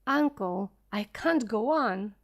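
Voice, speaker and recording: A weary young nephew, read out by a woman in a storybook reading. He asks plain, hesitant questions at a slow pace, with a lively rise and fall. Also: fairly high pitch, exaggerated voice. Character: tired young man, the nephew.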